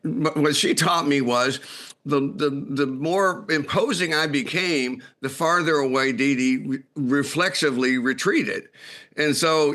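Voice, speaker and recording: A man co-hosting a recovery talk show, telling anecdotes in a halting, restarting way. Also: a little high, sharp tone. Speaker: podcast co-host.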